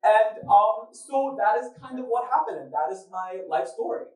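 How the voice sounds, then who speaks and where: A man's voice: sits high, expressive, moderate pace, darkish tone. A man hosting a live event before an audience, telling his story with jokes and laughing at his own lines. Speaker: event moderator and host. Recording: echoey room recorded from a distance.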